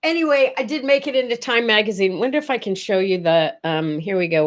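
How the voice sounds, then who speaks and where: An older woman hosting a casual morning chat, telling stories with lively energy and acting out the voices of the people in them. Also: mid-range voice, fairly quick. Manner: animated, acts out quoted voices in stories. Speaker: livestream host.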